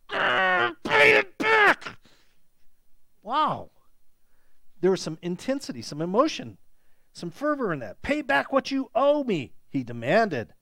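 A pastor preaching a sermon, emphatic and animated, repeating words for stress. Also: male voice, high voice, no echo.

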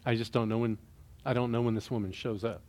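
A middle-aged man preaching a sermon, telling a personal story and swinging between hushed, quiet stretches and loud, excited bursts. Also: medium pitch, fast. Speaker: pastor.

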